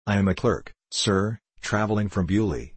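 A man's voice: fairly low pitch, moderate pace, husky, dry recording. A man reading the part of a polite, shaken young medieval clerk.

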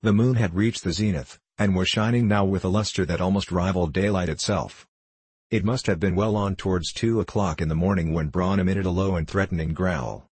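A man reading an audiobook in a measured storytelling manner. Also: sits low, darkish tone, husky, dry recording. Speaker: audiobook reader. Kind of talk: scripted audiobook narration.

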